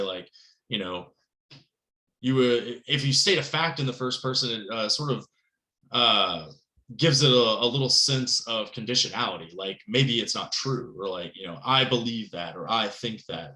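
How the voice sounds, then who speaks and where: A man giving a recorded writing lecture in a conversational, rambling way, often checking in with "right?" and getting animated on key points. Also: reverberant, poor audio. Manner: animated, pitch jumps up on emphasis. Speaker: writing instructor.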